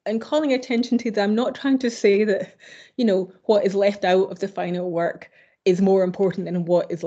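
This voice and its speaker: A woman's voice: medium pitch, dark tone. Woman lecturing, dull lo-fi sound. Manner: hesitant, with frequent fillers and self-corrections. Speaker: keynote lecturer. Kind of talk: academic conference lecture. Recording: slightly dull lo-fi recording.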